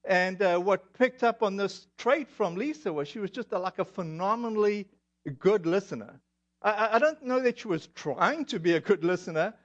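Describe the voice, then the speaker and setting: Chatty South African man, high voice. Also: expressive, normal speed. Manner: chatty, self-deprecating, many fillers. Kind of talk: sermon with personal stories. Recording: dull lo-fi audio.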